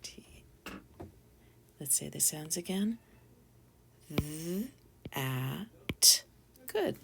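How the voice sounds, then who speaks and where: A woman teaching a phonics spelling lesson to young children, sounding out each letter slowly and deliberately. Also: deep voice, animated, vocal fry, noisy background.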